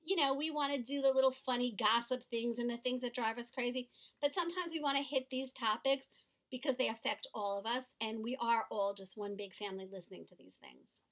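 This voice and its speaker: A woman's voice: a little high, fairly quick, fairly bright tone. Earnest woman telling a heartfelt story. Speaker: podcast co-host. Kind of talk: earnest podcast talk.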